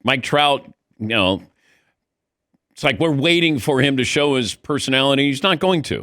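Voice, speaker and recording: A man's voice: medium pitch, big pitch swings, moderate pace, bright, forceful tone, dry recording, clean studio sound. A man hosting a sports talk interview in an easygoing, teasing way. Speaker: host.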